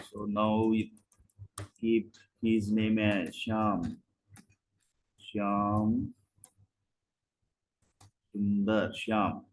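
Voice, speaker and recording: Slow, flat-voiced male coding teacher. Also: lowish voice, poor audio. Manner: explains in short steps, asks rhetorical questions. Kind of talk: live online class. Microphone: video call.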